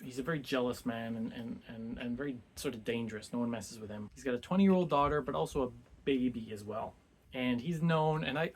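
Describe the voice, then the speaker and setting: Young man, casual book club host, chatty storytelling, quick character voices, mid pitch. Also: slight background noise. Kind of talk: casual retelling of a classic book.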